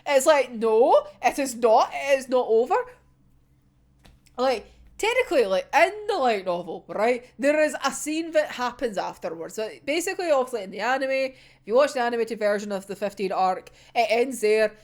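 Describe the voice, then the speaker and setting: Animated, sweary young woman. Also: on the high side, normal speed. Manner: sweary, laughing, dramatic, rambling with many fillers. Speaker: manga reaction vlogger. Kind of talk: casual chat.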